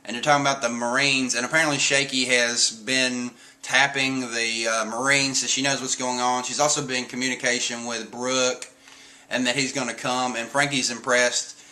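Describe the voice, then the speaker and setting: Male streamer, bright tone, chatty chapter recap that jumps into squeaky impressions. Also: moderate pace, poor audio. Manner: animated, jumps into squeaky voices for quotes. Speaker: host reviewing manga chapters. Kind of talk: casual recap with quick character voices.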